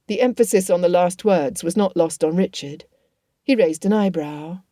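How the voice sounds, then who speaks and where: A woman narrating a period novel audiobook in a measured storytelling manner. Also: on the low side, dark tone, dry recording, studio quality.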